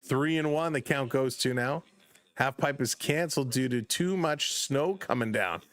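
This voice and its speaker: A man hosting a live baseball stream, mixing play-by-play with chatty greetings to viewers. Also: normal speed. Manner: chatty, greets chat viewers by name between pitches; gets loud and excited on big plays. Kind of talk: casual live play-by-play commentary.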